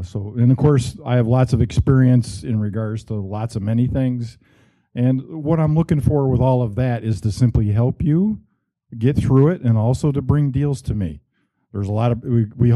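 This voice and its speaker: A middle-aged man, a real estate broker, pitching his services at a meetup in a plainspoken way, often correcting himself. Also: dark tone, no room sound. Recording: dull lo-fi room audio.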